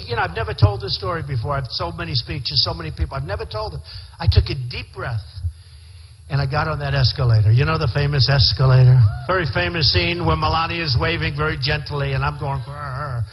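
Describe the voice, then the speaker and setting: A man with a high, bright voice gives a rambling, boastful campaign speech, circling back to repeat himself. He speaks into a podium microphone in a large indoor rally venue. A long hall reverb trails his words, with faint crowd ambience underneath. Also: a little hiss or hum. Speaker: presidential candidate.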